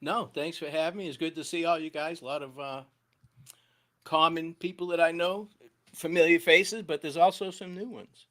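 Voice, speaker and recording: This is a man from Boston chatting as a podcast guest, with a voice a bit higher than most men's. He tells his stories in an animated, loose way, often laughing mid-sentence and swearing now and then. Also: moderate pace. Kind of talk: casual storytelling chat.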